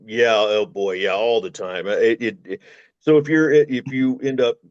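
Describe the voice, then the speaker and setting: A man's voice: mid-range voice, fairly even intonation, moderate pace, no echo, highs cut off. A man, a former long-haul truck driver, telling road stories in rambling casual chat and acting out the voices he quotes.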